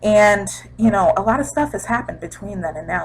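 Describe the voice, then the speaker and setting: A young woman casually recapping a TV episode in a chatty, animated way, throwing in sound effects. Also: mid-range voice, a little fast, a little hiss or hum, low-quality recording. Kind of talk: casual chat.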